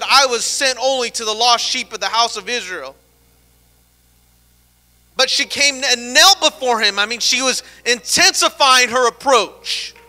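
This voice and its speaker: Fervent high-voiced male preacher. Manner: rising to fervent, shouted exhortation. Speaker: pastor. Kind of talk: sermon.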